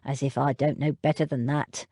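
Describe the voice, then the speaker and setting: A woman playing a gruff, brawl-ready young footman. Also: very deep voice, little pitch movement, moderate pace, mellow, no echo, clean studio sound, voice pushed down. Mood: aggrieved. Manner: gruff, scornful, snorting. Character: blunt young male footman, quick to fight.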